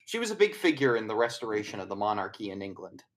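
A man's voice: fairly low pitch, very animated, fast. A man narrating a tabletop horror game as game master in a chatty, rambling way. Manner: chatty, rambling, with casual fillers and swearing.

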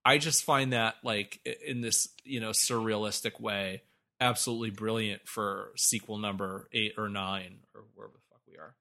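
A man's voice: fairly low pitch, fairly even intonation, moderate pace, creaky, pushed and bright. A man co-hosting a podcast, talking animatedly about a movie, laughing often and swearing freely. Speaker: podcast co-host. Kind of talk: casual film discussion.

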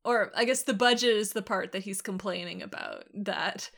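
A woman co-hosting a podcast, chatting casually about a TV show in a relaxed, rambling way with frequent laughs. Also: mid-range voice, moderate pace, gravelly. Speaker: podcast co-host.

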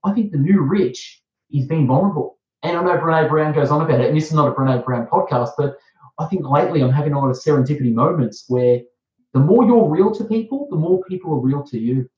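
A man with an Australian accent hosting a casual interview, talking with rambling enthusiasm and pitching up for emphasis. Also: lively intonation, fast, darkish tone. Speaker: host. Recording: echoey, muffled sound.

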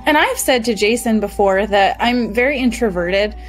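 A woman's voice: fairly high pitch, normal speed, faint music behind, poor audio. A woman game master in a casual panel chat, chatty, laughing often and trailing off into restarts.

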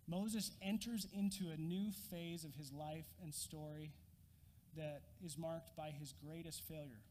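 A man preaching a sermon, an animated storyteller who acts out scenes with a prop. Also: a little high, measured pace, big-room sound, slight background noise. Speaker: pastor.

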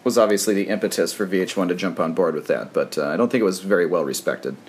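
Man, podcast co-host, lowish voice, relaxed chat with dry asides. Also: fast talker, a little hiss or hum. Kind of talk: casual chat.

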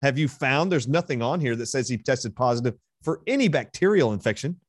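A man's voice: medium pitch, expressive, a little fast, dry recording, clean studio sound. A man being interviewed as a guest, retelling a heated exchange with force and emphasis. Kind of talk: interview storytelling.

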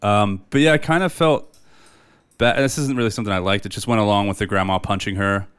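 A man's voice: fairly low pitch, steady tone, quick pace, smooth, no room sound. A man co-hosting a film podcast in a loose, rambling casual chat, laughing often as he talks over a beer. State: drinking beer. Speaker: podcast co-host.

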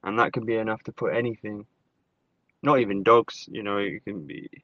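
A man's voice: lowish voice, steady tone, normal speed, a bit bright, no echo, highs cut off. A man in improvised comic chat, giving rambling, mock-serious warnings.

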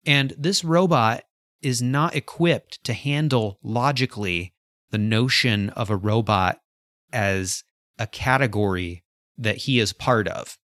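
A man co-hosting a casual book discussion, retelling scenes in an animated way and acting out the characters' lines. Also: mid-range voice, unhurried, no room sound, studio quality. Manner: animated storyteller, acts out quotes. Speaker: podcast co-host.

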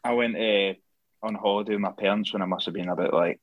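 A man's voice: fairly low pitch, steady tone, quick pace, dry recording, muffled recording. A man chatting casually on a podcast, rambling through stories and laughing often. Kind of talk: casual chat.

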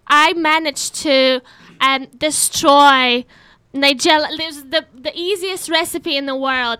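Brief: woman, foreign accent, high and bright, laughing self-mocking storyteller on a chat show. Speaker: comedian guest. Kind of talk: casual chat, anecdotes.

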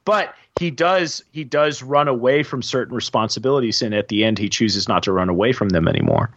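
A man co-hosting a casual film discussion, explaining in a halting way with many fillers. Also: mid-range voice, very animated, a bit bright, no room sound. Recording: dull lo-fi dry sound.

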